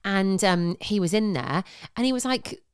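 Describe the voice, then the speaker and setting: A woman's voice: medium pitch, lively intonation, normal speed, clear, resonant tone, no echo, clean studio sound. A woman in her forties with an English Midlands accent, co-hosting a podcast and laughing at her own mishaps as she tells them. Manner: self-mocking, laughing storyteller. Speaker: podcast co-host. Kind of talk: casual chat.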